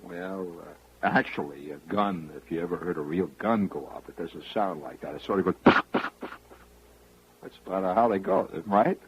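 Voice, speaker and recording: A man's voice: deep voice, moderate pace, hardly any pauses, lo-fi sound, slight background noise. A man hosting a radio show, spinning a rambling, wry monologue straight to the listener. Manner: rambling storyteller, confiding, wry. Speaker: radio host.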